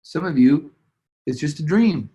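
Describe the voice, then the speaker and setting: A man's voice: on the high side, lively intonation, a little slow, dark tone. A man giving a casual motivational training talk about business habits, with loose fillers and restarts. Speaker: business coach. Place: at a desk, writing as he talks.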